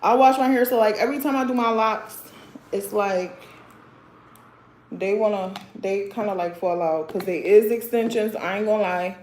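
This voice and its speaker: A woman's voice: mid-range voice, moderate pace, darkish tone, a little hiss or hum. Sassy young woman chatting, roomy echo. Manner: sassy and blunt, addresses viewers as sir and girl; laughs often while talking. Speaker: livestream host. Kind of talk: casual livestream chat.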